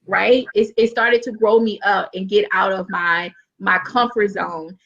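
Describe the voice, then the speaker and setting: A woman's voice: moderate pace, gravelly, few pauses, muffled recording. A woman from New Orleans with a Southern accent, a social worker telling stories in a casual interview and acting out the dialogue. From New Orleans, USA. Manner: animated, acts out dialogue with big pitch jumps.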